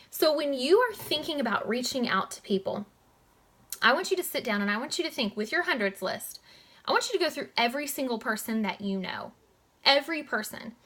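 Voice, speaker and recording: Woman, young adult, motivational team coaching, bright tone, direct and animated. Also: high voice. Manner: direct, animated, peppered with "like" and "guys". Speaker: network marketing team leader.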